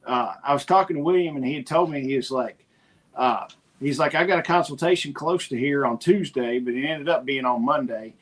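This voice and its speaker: Speaking briskly in a medium pitch, a middle-aged man co-hosts a casual podcast. His storytelling is animated as he recounts past conversations.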